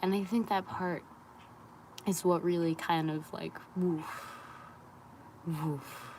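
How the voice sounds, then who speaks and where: Soft-spoken, half-whispering young woman. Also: lowish voice, fairly even intonation, slow, slight background noise, poor audio. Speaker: spiritual wellness creator. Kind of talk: candid live-stream talk.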